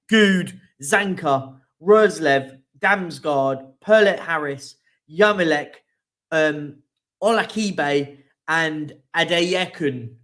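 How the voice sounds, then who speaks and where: High-voiced chatty man. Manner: chatty, reads out team lists and shout-outs. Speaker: streaming show host. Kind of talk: casual live-stream chat.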